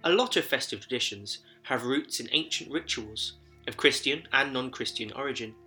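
A man hosts a podcast with a cutting, forceful edge to his tone, even though a head cold leaves him sounding a little thick. He reads his script in a measured, storyteller's way at an ordinary pitch, with soft music playing faintly behind him. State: has a head cold, voice slightly deep and sick. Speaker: podcast host.

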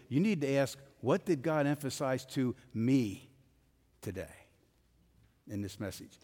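A man's voice: mid-range voice, animated, normal speed, a little mellow. Man preaching in a reverberant church. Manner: emphatic, rising and falling preaching cadence. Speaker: pastor. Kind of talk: sermon. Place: church sanctuary. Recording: long hall reverb.

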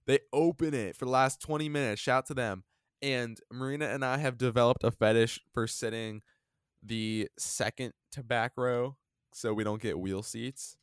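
A young man telling a story in a casual podcast chat, rambling and animated with lots of fillers, in a dry close recording. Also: mid-range voice, moderate pace, clean tone, no room sound. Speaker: podcast co-host.

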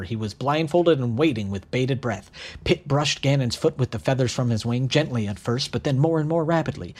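A man in his thirties telling a crude comedic story in a deadpan voice, tossing in sarcastic asides. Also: mid-range voice. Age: 30s. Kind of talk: comedic narrated monologue.

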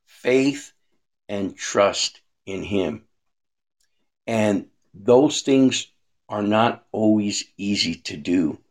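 A man's voice: fairly low pitch, lively intonation, drawn-out words. A man giving an earnest, conversational sermon, telling a personal story and often checking in with his listeners. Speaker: speaker giving a devotional talk.

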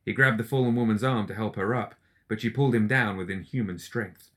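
A man giving steady, scripted narration of a dark fantasy audiobook. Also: on the low side, a little fast.

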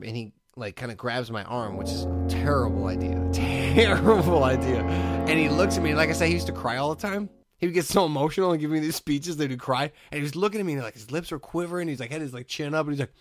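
A man in his thirties co-hosting a podcast, telling a rambling story in casual chat, full of "like" fillers. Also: fairly high pitch. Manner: rambling, animated, many "like" fillers. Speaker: podcast co-host.

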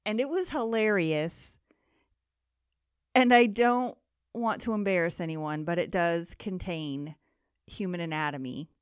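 A woman's voice: on the low side, unhurried, long pauses, clear, resonant tone, no room sound. Woman cohost chatting on a podcast, laughs a lot, dry close mic sound. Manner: laughs often while telling stories. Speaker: podcast co-host. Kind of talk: casual chat.

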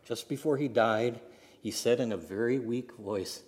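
A man preaches in an earnest, measured way. His voice sits at an ordinary male pitch, and it carries a long reverb from the church hall around him. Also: darkish tone. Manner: earnest preaching with a storytelling aside. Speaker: pastor. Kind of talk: sermon.

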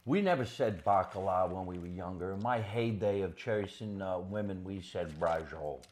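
A man's voice: deep voice, normal speed. An older man co-hosting a podcast, telling jokey stories in casual banter and laughing often. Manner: storytelling, joking, laughs often. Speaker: podcast co-host.

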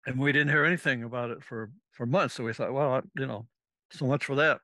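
A former navy officer, a man, spins a rambling anecdote as a podcast guest and slips into the voices of the people he quotes. His voice is bright and forceful. It sits close and dry, with no room around it. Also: medium pitch, quick pace, dry recording. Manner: rambling, acts out quoted dialogue. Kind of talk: casual anecdotal storytelling.

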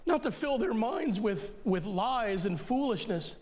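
A man's voice: sits high, lively intonation, a little slow, a little mellow. A male pastor preaching a sermon in an emphatic, conversational way, speaking straight to his listeners.

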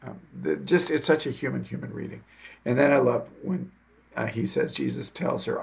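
Gravelly-voiced man reflecting on scripture. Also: mid-range voice, moderate pace. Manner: reflective, quotes scripture softly. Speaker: deacon, podcast co-host. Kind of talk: casual faith podcast chat.

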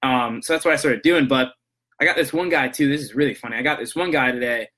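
A man with a bright, forward voice talks through his podcast in a loose, rambling monologue. He keeps circling back with restarts and asides, and his tone turns earnest as he gives motivational advice. He speaks at a middling pitch. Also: quick pace. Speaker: podcast host. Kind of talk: casual monologue, storytelling about work calls.

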